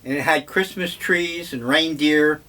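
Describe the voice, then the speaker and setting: An older man vlogging, telling memories in a slow, wry, meandering way. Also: on the high side, sharp tone. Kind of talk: casual reminiscing monologue.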